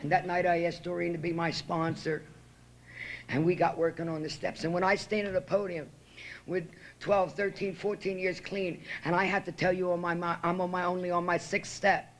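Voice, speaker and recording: A woman's voice: on the low side, little pitch movement, normal speed, a little hiss or hum. A woman speaking at a podium in a meeting room, telling her recovery story in a blunt, profane and emotional way. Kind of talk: personal recovery talk at a meeting.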